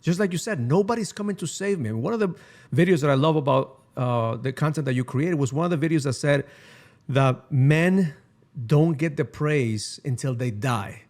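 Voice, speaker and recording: A man's voice: on the high side, normal speed, a little mellow. A man hosting a podcast in casual conversation, earnest and reflective, with casual swearing. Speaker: podcast host.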